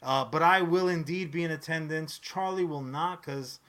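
A man's voice: on the high side, moderate pace. A man co-hosting a comedy podcast, riffing in casual banter and dropping into silly voices. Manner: animated, breaks into silly impressions. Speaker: podcast co-host. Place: recording with camera, live to tape.

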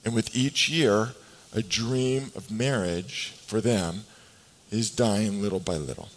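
A pastor preaching to his congregation in a somewhat low male voice. He moves between quiet, drawn-out phrases and emphatic, rising lines. He gives the scripture characters voices of their own as he tells the story. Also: low-quality recording. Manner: expressive, swings between hushed and emphatic delivery. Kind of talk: sermon.

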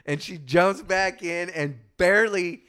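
Man, lively storyteller, raised pitch, slow relaxed pace. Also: clear, resonant tone. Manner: animated, laughing storyteller who acts out voices. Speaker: podcast guest. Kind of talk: casual storytelling chat.

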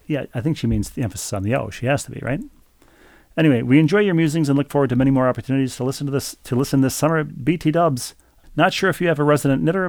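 A man's voice: mid-range voice, creaky, darkish tone, no room sound, clean studio sound. A man co-hosting a podcast, reading listener mail aloud in a casual, joking way, often stumbling over repeated words. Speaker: podcast co-host.

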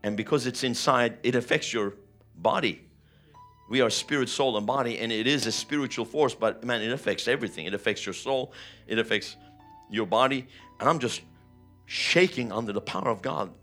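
A man's voice: medium pitch, normal speed, a bit bright, soft background music. A man preaching a sermon, retelling a personal testimony with vivid, emotional storytelling. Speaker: pastor.

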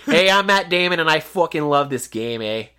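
A loud, goofy celebrity impression, as a man puts it on, pitched well above his normal voice and pushed hard. The accent wanders where it shouldn't, and it comes out bright and forceful. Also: expressive, moderate pace, clear, resonant tone. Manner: loud, jokey, with a misplaced accent. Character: man's goofy impression of a famous actor.

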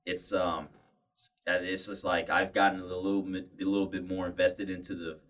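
A young man in casual conversation, telling animated, rambling stories with many restarts and fillers. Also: low-pitched, moderate pace, distant mic. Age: young adult. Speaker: interviewee. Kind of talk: casual storytelling chat.

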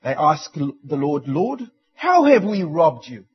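A man preaching a sermon, rising into loud declarations and dropping to quiet, intense lines. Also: on the high side, sing-song, measured pace, husky. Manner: dramatic preaching with sudden drops to near-quiet. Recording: dull lo-fi sound.

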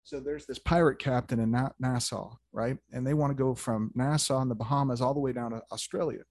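A man hosting an interview, telling an animated story with stammers and restarts. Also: mid-range voice, a little fast, dry recording. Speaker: podcast host. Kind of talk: casual interview chat.

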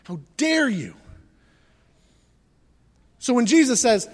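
A man preaching a conversational sermon, animated and full of rhetorical questions. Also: high-pitched, moderate pace, in a large hall. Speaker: pastor.

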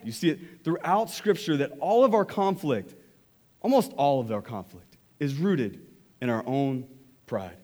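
A man preaching a sermon, telling a personal story in a conversational, animated way before turning to scripture. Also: fairly high pitch. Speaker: pastor.

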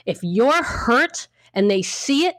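This woman's voice sits on the high side, slightly bright, with big swings in pitch and an unhurried pace. Co-hosting a laid-back conversation, she is blunt, emphatic, and mildly profane, restarting often as she rambles, all captured in a dry, studio-quality recording.

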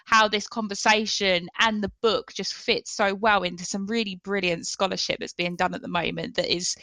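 A woman's voice: medium pitch, flat delivery, normal speed, pushed and bright, dry recording. A woman hosting a podcast, speaking enthusiastically and thoughtfully about the conversation. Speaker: podcast host.

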